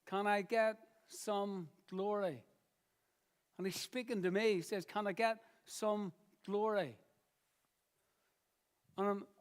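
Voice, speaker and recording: A middle-aged man preaching a sermon in church, earnest and repetitive, slowing down to stress phrases. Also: high-pitched. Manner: earnest, repeats phrases, slow emphatic pauses.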